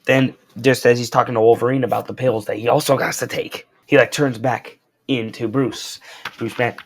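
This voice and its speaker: A young man recapping and reviewing a comic book in a casual, slangy, excitable way, wearing a corded mic as he moves around. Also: medium pitch, moderate pace, a little hiss or hum. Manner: slangy and excitable, lots of "bro" and "like". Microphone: wearing a corded mic while walking around.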